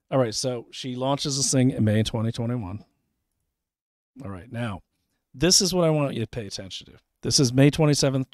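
A man's voice: on the low side, a little mellow, dry recording, studio quality. A man hosting a show, reading documents aloud with sarcastic asides in a casual, conversational way. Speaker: show host.

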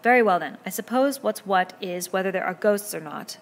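A woman's voice: medium pitch, expressive, fairly quick, gravelly, a little hiss or hum. A woman doing Ralph, an earnest boy leader. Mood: insistent. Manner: earnest, insistent.

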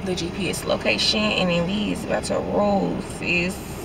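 A woman's voice: on the low side, steady tone, moderate pace, gravelly, recorded from a distance, heavy background noise. A woman, chatting informally to the camera from a parked car. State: frustrated and irritated. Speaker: vlogger. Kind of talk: casual vlog chat.

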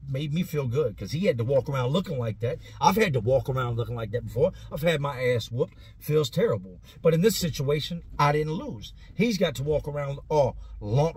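A man telling a profane, animated story about his own past in a casual, conversational way. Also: fairly high pitch, slightly rough, dry recording. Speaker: vlogger telling prison stories.

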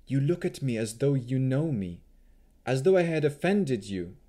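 A man's voice: mid-range voice, lively intonation, normal speed, dark tone, husky. A man voicing a young female elf adventurer who speaks in an urgent, pleading way.

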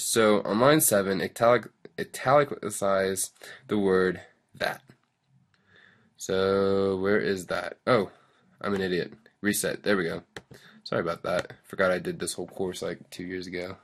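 A man's voice: low-pitched, normal speed. A young man casually talking through a coding tutorial, reading steps aloud and rambling into self-deprecating asides. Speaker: tutorial host.

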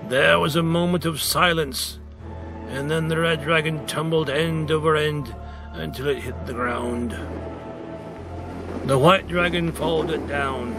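A male storyteller reads a picture book aloud, slowly and dramatically, leaning on key words. His voice sits a little high with a gravelly texture. Music plays clearly underneath. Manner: dramatic, slow, emphatic narration. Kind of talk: expressive read-aloud storytelling.

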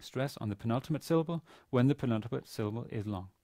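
A man giving a university grammar lecture, pausing often with fillers and restarting his sentences. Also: medium pitch, lively intonation, mellow, dry recording, clean studio sound. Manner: hesitant, many fillers and restarts. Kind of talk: classroom lecture. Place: university classroom.

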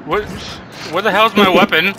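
A young man talking casually with friends during a shooter game, quick with defensive comebacks. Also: high-pitched, fairly even intonation, a loud crowd, low-quality recording. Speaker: gamer. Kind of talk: casual gaming chat with friends.

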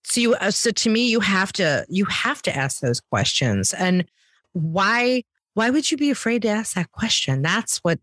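An American woman co-hosting a sales podcast, talking quickly and emphatically, pushing her voice up on key points. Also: medium pitch, big pitch swings, a bit bright, no room sound, clean studio sound. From United States. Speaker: podcast co-host, sales trainer. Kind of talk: casual chat.

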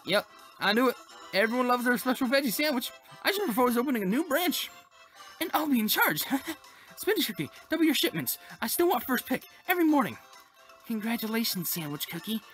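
A woman's voice: a little high, very animated, fairly quick, fairly bright tone, soft background music, pitched above the performer's own voice. A woman voicing a cheerful young female cookie who runs a sandwich shop, read aloud from a game. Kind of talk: reading game dialogue aloud.

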